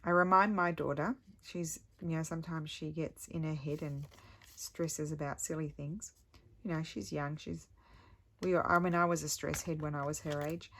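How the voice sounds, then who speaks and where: A woman's voice: low voice, fairly even intonation, moderate pace, fairly bright tone. A middle-aged woman chatting casually as she crafts, thinking aloud and poking fun at herself. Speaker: craft vlogger. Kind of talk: casual crafting tutorial chat.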